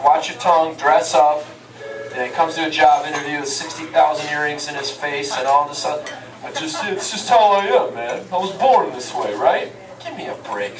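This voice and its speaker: A man's voice: fairly high pitch, slight background noise. A man giving an emphatic, preacher-like lecture to a live audience, asking them questions and answering them himself. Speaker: touring speaker. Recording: echoey room, voice from far off.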